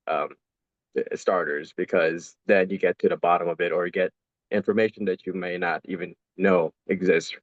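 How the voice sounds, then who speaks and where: A man in a sales coaching group on a video call, speaking casually with many fillers and pauses. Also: low-pitched, no echo. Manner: casual, hesitant, lots of fillers. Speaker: real estate agent in the coaching group. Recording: dry tinny call audio.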